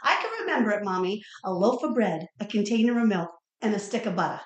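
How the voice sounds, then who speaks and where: A woman's voice: medium pitch, expressive, fast talker, roomy sound, natural voice. A woman voicing an eager, cheerful little girl on an errand, chanting her shopping list in a singsong way.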